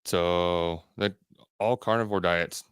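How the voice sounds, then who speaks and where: A man's voice: sits low, steady tone, slow pace, clean tone, dry recording, clean studio sound. A man co-hosting a podcast in casual chat, blunt and ranting, swearing often. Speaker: podcast co-host.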